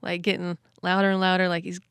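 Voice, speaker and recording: A woman hosting a podcast, telling a story in casual chat, excitable and quick to laugh. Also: fairly low pitch, clear, resonant tone, no room sound, clean studio sound. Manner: excitable, laughs often, many "like" fillers. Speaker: podcast host.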